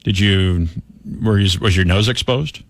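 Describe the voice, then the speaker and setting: A man bantering on a morning radio show with a low voice. He keeps it short, dropping dry one-liners, recorded close and dry in the studio. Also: unhurried, no room sound. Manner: dry quips and short agreements. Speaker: regular guest on radio show.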